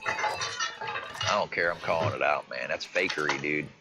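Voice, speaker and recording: A man's voice: very deep voice, a little slow. A man livestreaming, animatedly reacting to and retelling video clips, swearing casually. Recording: dull lo-fi stream audio with faint noise.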